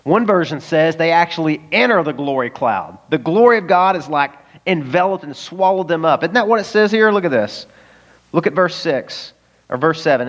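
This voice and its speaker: A man's voice: on the high side, highs cut off. A man preaching a sermon as pastor, talking casually with frequent rhetorical questions to the congregation. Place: church service in a high school auditorium.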